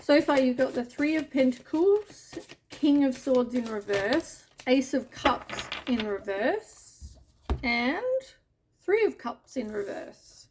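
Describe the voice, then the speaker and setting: A woman reads tarot cards in a casual, chatty way, speaking to the listener as "you". Her voice sits a little high, and she takes her time, with unhurried pauses between thoughts. She mixes mild swearing and offhand asides into the reading. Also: expressive, a little mellow, a little hiss or hum. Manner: addresses the listener directly as you. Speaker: tarot reader.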